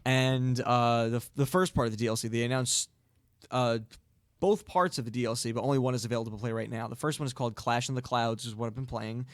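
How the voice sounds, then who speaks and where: A man's voice: mid-range voice, steady tone, quick pace, no echo. A man co-hosting an internet radio show, chatting casually about video games with lots of fillers and laughter. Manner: rambling, laughs often, many fillers. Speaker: co-host.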